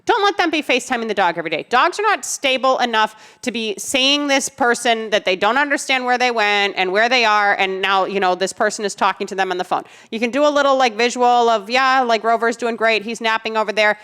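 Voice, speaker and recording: A woman's voice: fairly high pitch, animated, brisk, few pauses, a bit bright, clean tone. A woman co-hosting a podcast, giving firm, emphatic advice in a casual chat full of "you know"s. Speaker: podcast co-host, dog trainer.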